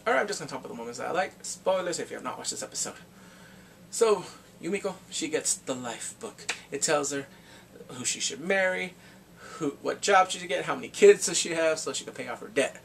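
A man's voice: on the high side, expressive, brisk, vocal fry, a little hiss or hum. A man recapping an anime episode in a casual review, acting out scenes with laughs and exclamations.

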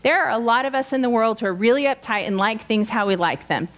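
Woman preaching, earnest, direct, slightly high voice, retreat sermon. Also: fast talker, rough recording. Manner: earnest, direct, lively teaching with quoted asides. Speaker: retreat speaker. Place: retreat session hall.

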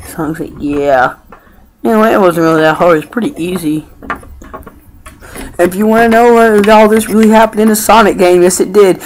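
High-voiced man rambling as a mock host. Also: fairly quick, rough recording. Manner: rambling, excitable, mild cursing. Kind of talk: improvised fan comedy show.

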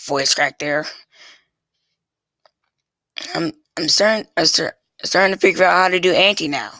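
A man's voice: fairly high pitch, sharp tone, no echo. A male vlogger talking casually to his viewers, stumbling and repeating phrases over and over before finishing a thought. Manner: halting, restarts and repeats phrases constantly. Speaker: YouTube vlogger. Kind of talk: casual rambling vlog talk. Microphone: desk mic with pop filter.

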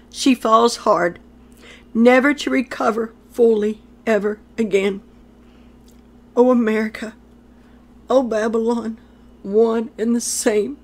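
A woman delivering a prophetic message in a solemn, declamatory way, repeating phrases for emphasis. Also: on the high side. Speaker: prophetic speaker.

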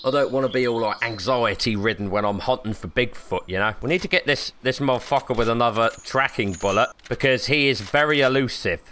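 A man's voice: mid-range voice, brisk, few pauses, slight background noise. A young man commentating a horror game, swearing freely, joking, and yelping when startled. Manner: swearing, excitable, jokey, yelps when startled. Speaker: gaming YouTuber.

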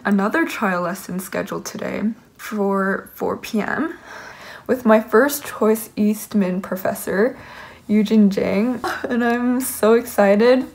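A woman's voice: medium pitch, animated, unhurried, gravelly. A young woman in her late teens, a violin student, talking to camera in a rambling, candid, emotional way with nervous laughs. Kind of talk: casual vlog talk to camera.

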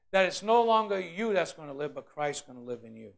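High-voiced man preaching a sermon. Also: sing-song, brisk, gravelly, few pauses. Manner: preaching with rising shouted emphasis, acting out complainers. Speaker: pastor. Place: church sanctuary.

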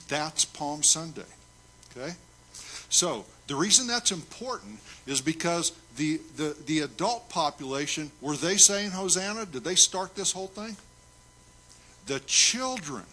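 Slow, bright-voiced preaching pastor. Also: male voice, fairly high pitch, lively intonation. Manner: emphatic preaching, asks the congregation questions. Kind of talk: sermon. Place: church sanctuary.

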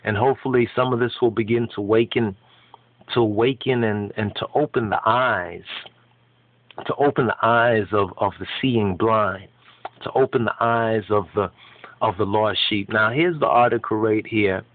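A man's voice: on the low side, moderate pace, no echo. A man giving impassioned, preachy commentary on an article, emphatic and repeating his phrases. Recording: tinny phone-like dry sound.

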